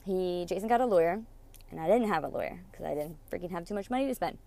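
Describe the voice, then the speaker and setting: This mother's voice is low-leaning and warm, with vocal fry, lively intonation and a fast delivery. Recounting her own story candidly, she is blunt and profane, full of emotion, and performs what others said to her.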